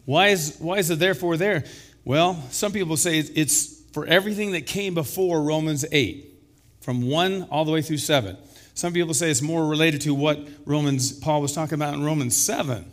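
A man preaching a sermon as pastor, slightly hoarse from illness, building to emphatic exclamations. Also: fairly high pitch, moderate pace. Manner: emphatic, rising to loud exclamations.

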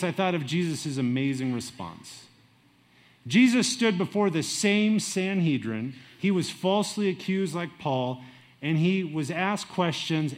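Lively male pastor preaching. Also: a little high. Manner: lively, swings between loud and quiet with acted-out asides. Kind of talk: sermon.

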